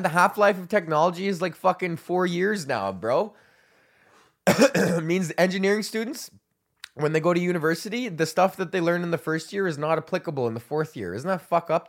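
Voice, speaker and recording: A man, a comedian ranting alone on his podcast, swearing and rambling while he laughs at his own jokes. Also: fairly high pitch. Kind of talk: ranting solo podcast monologue.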